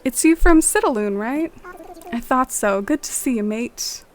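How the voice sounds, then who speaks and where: A woman's voice: fairly high pitch, animated, measured pace. A woman voicing a friendly male cat shopkeeper in an attempted Cockney accent, with a salesman's patter. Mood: chummy.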